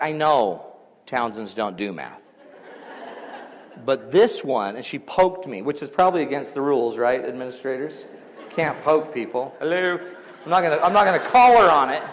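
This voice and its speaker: Animated male host in a reverberant hall. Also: fairly high pitch, a little hiss or hum. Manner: animated storyteller, acts out dialogue, audience laughter. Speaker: radio show host. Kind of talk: radio talk and recorded motivational speech. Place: large hall before an audience.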